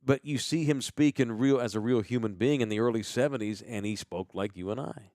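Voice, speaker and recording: A man's voice: mid-range voice, brisk, a little mellow, no echo. A man hosting a podcast in casual, crude, joking chat. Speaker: podcast host.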